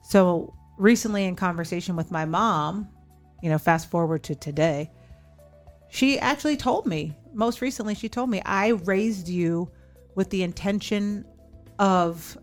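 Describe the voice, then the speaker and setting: A woman's voice: fairly low pitch, measured pace, faint music behind. A woman in her forties hosting a podcast, candidly telling a personal story and acting out remembered dialogue. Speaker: podcast host.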